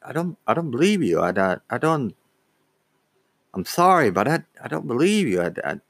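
A man's voice: mid-range voice, very animated, normal speed, creaky, a bit bright, no echo, voice pushed up, exaggerated voice. A man voicing his older father, stunned and stammering in disbelief. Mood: disbelieving. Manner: stammering, repeating himself.

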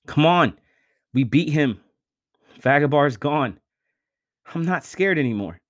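Male reader doing a frantic kid companion, high and loud, pleading. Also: expressive, takes it slowly, no room sound. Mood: desperate. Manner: pleading, shouting in distress.

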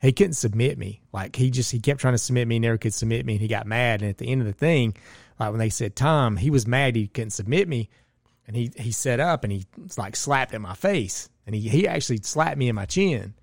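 A man's voice: mid-range voice, brisk, creaky, no echo, clean studio sound. A man telling a fight story in casual chat, cursing freely and restarting his sentences. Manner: profane storytelling with lots of restarts.

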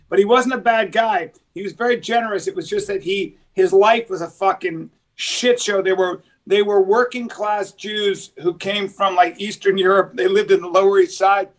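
Male podcast host, high-pitched, rambling anecdotal delivery, slips into other voices. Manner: rambling storyteller, acts out quoted voices. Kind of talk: casual chat.

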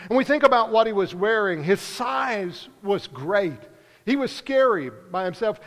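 A man preaching a sermon, earnest, pausing and lifting his voice for emphasis. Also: sits high, big-room sound.

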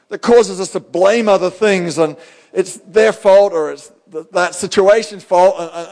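A male pastor giving a live sermon, fervent and swinging between loud and hushed. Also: high voice.

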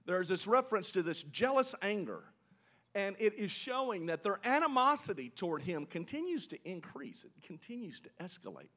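A male pastor delivers a sermon with animated, storytelling energy. His voice sits a little high for a man and moves through a very wide range of pitch. He pauses to put questions to the people listening. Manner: animated storytelling, voices quoted characters, asks the congregation questions.

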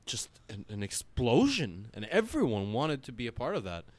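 A podcast co-host rambles casually and animatedly, swearing often and using many filler words. His mid-range voice moves at normal speed, with no room sound.

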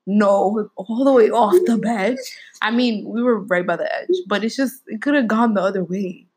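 A woman's voice: medium pitch, moderate pace, husky, rough recording. Young woman telling a candid story. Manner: candid, slangy storytelling with many fillers. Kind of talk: casual chat.

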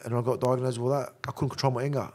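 A man's voice: medium pitch, flat delivery, rapid-fire, darkish tone. A man telling blunt, profane stories in a casual interview chat. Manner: blunt, profane, calls listener bro. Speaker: interview guest.

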